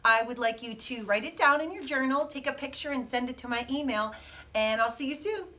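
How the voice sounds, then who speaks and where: A woman's voice: sits high, a little fast, recorded from a distance. A woman teacher reading a chapter book aloud to her students and giving them an assignment, acting out the characters' voices. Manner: expressive, acts out the characters' voices.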